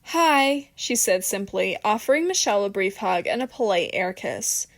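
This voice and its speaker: A woman narrating an audiobook in a steady, even reading voice. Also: mid-range voice, normal speed, gravelly.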